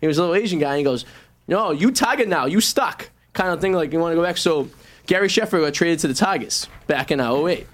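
A man hosting a radio comedy show, casually directing the others through a sketch he wrote, in a hurried way. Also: fairly high pitch. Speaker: host and sketch writer.

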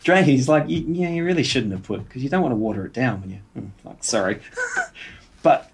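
A man co-hosting a casual podcast chat, telling a rambling anecdote with halting restarts. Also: medium pitch, wildly swooping pitch, noisy background. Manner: rambling storyteller, halting restarts, bursts of laughter. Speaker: podcast co-host.

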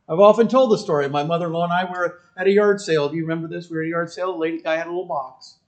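A man preaching a sermon with passion, swinging from loud declarations to quiet, wry storytelling. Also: on the high side, steady tone, rapid-fire, hardly any pauses. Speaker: pastor.

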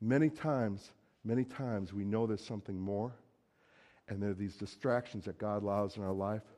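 A man's voice: on the low side, normal speed, dark tone. A man preaching a sermon in a conversational, emphatic way, acting out quoted lines.

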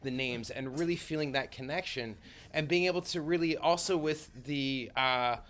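A man, an ADHD coach, giving an earnest, sincere reflection in a casual talk, halting now and then. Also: a little high, fairly bright tone. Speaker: ADHD coach and conference guest.

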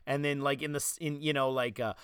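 Bright-voiced New York man telling stories. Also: mid-range voice, fast, clear, resonant tone, no echo, studio quality. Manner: animated storytelling, slipping into quoted voices. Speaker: podcast host. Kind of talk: casual chat.

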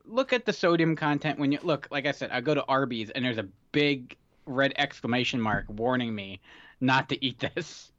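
A man's voice: mid-range voice, lively intonation, normal speed, a bit bright, no echo, lo-fi sound. A man co-hosting a podcast in casual, joking chat. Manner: joking, teasing. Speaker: podcast co-host.

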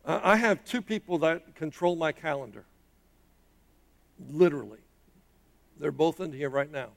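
Brief: middle-aged male pastor, high-pitched voice, emphatic sermon delivery with rises and hushed drops. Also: normal speed, creaky. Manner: emphatic preaching, rising and dropping in pitch and loudness.

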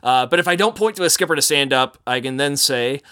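A man's voice: mid-range voice, lively intonation, quick pace, pushed and bright, smooth. A man on a podcast reading a boat tour guide's script aloud with hammy punch, then chatting about it casually.

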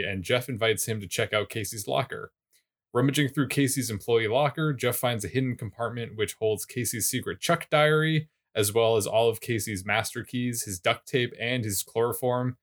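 A man's voice: mid-range voice, normal speed, a bit bright. A man co-hosting a podcast, recapping an episode in casual chat with a wry, teasing manner. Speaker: podcast co-host.

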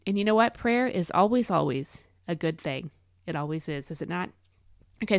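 A woman's voice: lowish voice, dry recording, clean studio sound. A woman hosting a devotional podcast, talking in an earnest, encouraging way and stressing key phrases with emphatic declarations. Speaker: podcast host.

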